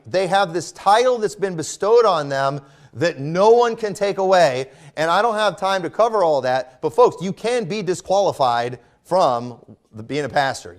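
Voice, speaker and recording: A male pastor preaching a sermon in a loose, conversational way, repeating phrases and adding asides. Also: fairly high pitch. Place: church.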